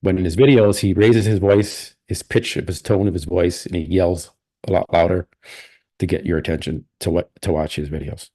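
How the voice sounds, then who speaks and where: A man's voice: low-pitched, steady tone, normal speed, mellow. A man hosting a live stream, chatting casually and rambling with plenty of restarts and opinions.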